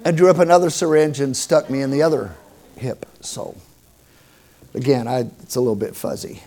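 A middle-aged man preaching a sermon, telling stories with humor and emphatic swings in loudness. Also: medium pitch, expressive, moderate pace. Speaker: pastor.

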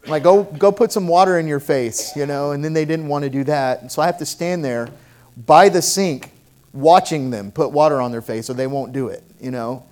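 A middle-aged male pastor delivering a sermon in a fairly high voice. He moves from soft, confiding passages to loud, emphatic declarations. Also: fairly quick. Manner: impassioned, swings from quiet to loud emphatic.

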